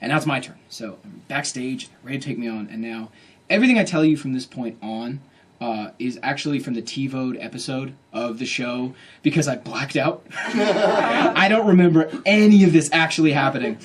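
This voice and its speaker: A man telling a comic story to a live bookstore audience, animated and acting out other people's voices. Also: medium pitch, normal speed, breathy edge. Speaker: author at a bookstore reading. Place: bookstore event room.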